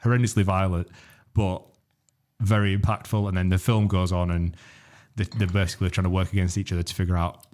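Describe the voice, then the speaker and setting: Deep-voiced man rambling casually. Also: level tone, a little fast, darkish tone. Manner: rambling, swears freely, many restarts. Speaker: podcast host. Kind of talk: casual podcast chat.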